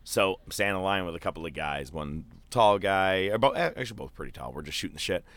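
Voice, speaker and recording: A man chatting casually as a podcast co-host, telling a loose, profane story full of fillers and jumping into animated quoted voices. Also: fast, no room sound. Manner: animated, jumps into high-pitched quoted voices. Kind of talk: casual chat.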